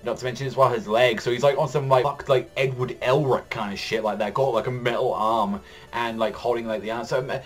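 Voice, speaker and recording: Young man, casual recap, rambling, lots of "like", frequent swearing, mid-pitched voice. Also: steady tone, a little fast. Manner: rambling, heavy use of "like", swears often. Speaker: anime and manga reaction vlogger.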